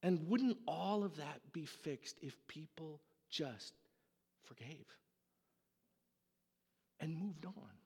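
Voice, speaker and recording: A man preaching a sermon, telling a dramatic story in an animated way. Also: fairly high pitch, slow, creaky, pauses often, husky, big-room sound. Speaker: pastor.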